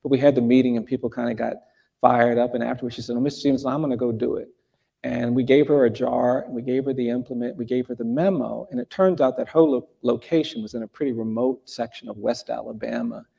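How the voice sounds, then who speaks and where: A man speaking as a guest at a live event, telling a story in a measured, deliberate way with pauses. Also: mid-range voice, steady tone, vocal fry, mellow, husky, lo-fi sound. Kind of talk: earnest storytelling in a live conversation. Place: event hall before a live audience.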